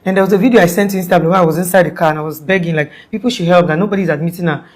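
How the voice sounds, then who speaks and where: A young woman with a Nigerian accent speaks in a somewhat low voice. She tells her account in a loose, rambling way and keeps restarting her sentences. Her talk is full of "like" fillers, as in a casual interview. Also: racing, a little mellow.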